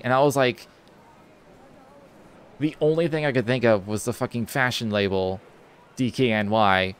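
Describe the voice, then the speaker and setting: Streaming a video game, a young man with a smooth, medium-pitched voice tells a meandering, casual story at a moderate pace, pausing often. He frequently restarts, uses plenty of filler words, and drops casual swearing.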